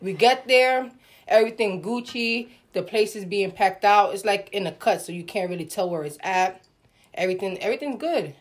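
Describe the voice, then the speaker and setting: Slangy woman telling a lively story. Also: mid-range voice, normal speed. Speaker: podcast host and music manager. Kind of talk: casual chat.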